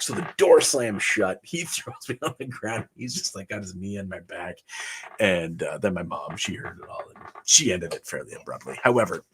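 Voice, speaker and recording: A man's voice: fairly low pitch, fairly bright tone, slight background noise. A man on a livestream, telling his life story casually, chuckling often and rambling with fillers. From Canada. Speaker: livestream host.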